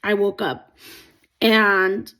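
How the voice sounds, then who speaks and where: A woman's voice: mid-range voice, little pitch movement, very slow, sharp tone. A young adult woman telling a personal faith testimony, emotional and rambling with many fillers. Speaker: testimony vlogger.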